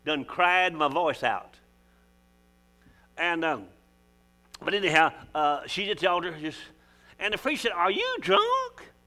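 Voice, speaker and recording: A man's voice: a little high, unhurried, long pauses, bright, forceful tone. An older man preaching a folksy sermon in church, calling out to the congregation. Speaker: pastor.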